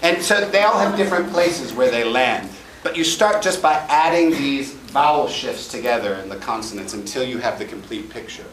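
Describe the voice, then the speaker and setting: Recorded from far off by an audience member's camera, the Chicago man talks at medium pitch and a moderate pace with hardly any pauses. He's teaching a lively convention voice-acting panel, joking, demonstrating sounds and taking questions, and the echoey hall adds slight background noise.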